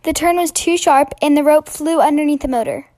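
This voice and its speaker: Young woman with a high voice, storytime. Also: a little fast, a little mellow, no room sound. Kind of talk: casual storytime narration.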